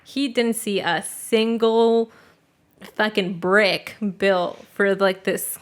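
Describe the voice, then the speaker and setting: A young adult woman chats casually on her podcast in a mid-range voice, slow and fairly even in intonation. She curses freely, peppers everything with "like," and impersonates the people in her family stories.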